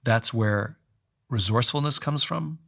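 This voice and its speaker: A man talking through a story in a conversation, reflective, restarting often and letting his sentences trail off low. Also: a little slow, gravelly, fairly bright tone, no room sound, studio quality.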